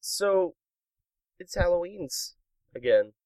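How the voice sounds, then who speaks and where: A man's voice: high voice, big pitch swings, takes it slowly, a little mellow, no room sound, poor audio. A man hosting a comedy podcast in casual chat, reading out news stories and making puns. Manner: jokey, punning, reads out news stories. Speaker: podcast host.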